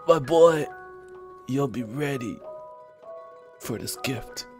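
A man putting on the slow voice of a gentle, dying old grandfather. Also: mid-range voice, faint music behind, natural voice. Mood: tender. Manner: reads very slowly.

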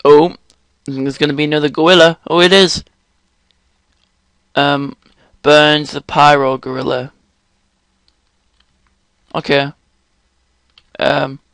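Young male gamer, excitable and foul-mouthed, slightly high voice, unhurried delivery. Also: clean tone, no room sound. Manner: excitable, swears and exclaims often. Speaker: gaming channel host. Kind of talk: let's play commentary.

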